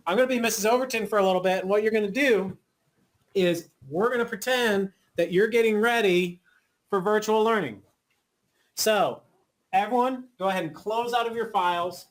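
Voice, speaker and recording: A woman's voice: mid-range voice, normal speed. Patient woman teacher coaxing a class. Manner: patient, coaxing, frequent okay checks. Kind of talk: classroom instruction to children. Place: school classroom, indoors.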